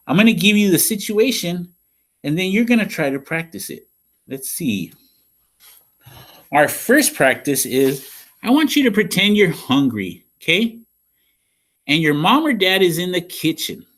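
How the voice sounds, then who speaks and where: A man with a slightly high-pitched voice teaches young children as a school counselor. He talks in a patient, sing-song way and keeps checking in with a quick "okay?". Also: a bit bright. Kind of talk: classroom lesson for young children.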